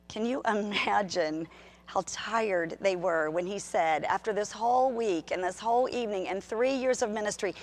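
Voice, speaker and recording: A middle-aged woman pastor giving a sermon in an animated, conversational storytelling way. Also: mid-range voice, measured pace.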